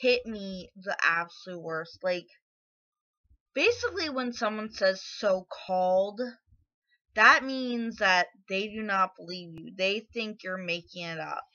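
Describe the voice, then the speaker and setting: Woman, angry emotional vlog rant, near tears, lots of fillers, slow-paced, muffled lo-fi audio. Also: mid-range voice, animated, sharp tone. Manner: angry, indignant, filler-heavy ("like", "you know"). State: shaking with anger, near tears. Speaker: vlogger. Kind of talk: emotional personal rant to camera.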